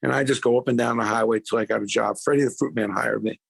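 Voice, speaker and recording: An older man from Brooklyn with a New York accent, telling stories in a lively way as a podcast guest. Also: medium pitch, fast talker, vocal fry, husky, no room sound. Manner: animated storyteller who acts out quotes. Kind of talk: storytelling in a podcast interview.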